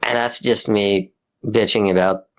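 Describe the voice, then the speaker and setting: A man's voice: on the low side, steady tone, a little slow. A young man ranting casually about films, exasperated and full of swearing and fillers. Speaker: commentator. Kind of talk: casual rant.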